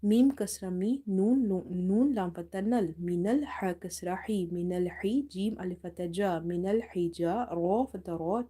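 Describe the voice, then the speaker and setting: A woman teaching Quran recitation, spelling out each letter and vowel slowly and patiently. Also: medium pitch, warm tone. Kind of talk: tajweed lesson.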